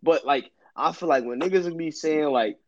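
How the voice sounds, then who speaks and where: A man hosting a podcast, chatting casually in animated banter with lots of slang. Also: fairly high pitch, moderate pace, lo-fi sound, a little hiss or hum. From New York. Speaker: podcast host. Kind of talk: casual chat.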